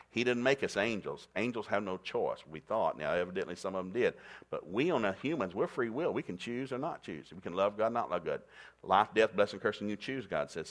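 A middle-aged man preaches with a somewhat low voice. He moves easily between jokes and scripture reading. He calls on his listeners to repeat phrases back to him. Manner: animated, playful storytelling with call-and-response. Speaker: pastor. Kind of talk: sermon.

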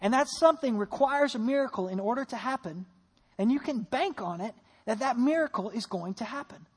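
A pastor preaching a sermon in a church, telling a story with lively rhetorical questions and dropping into soft, low tones for prayer. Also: fairly quick, breathy edge.

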